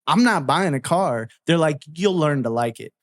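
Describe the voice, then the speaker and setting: A man's voice: a little high, expressive, normal speed. A man telling a story in casual chat, swearing freely and acting out both sides of a heated argument.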